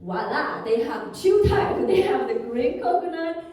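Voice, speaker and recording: High-voiced Chinese-accented woman doing stand-up. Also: unhurried. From China. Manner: animated storytelling with frequent laughter. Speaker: stand-up comedian. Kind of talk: stand-up comedy set. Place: live comedy venue. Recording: echoey room from far off.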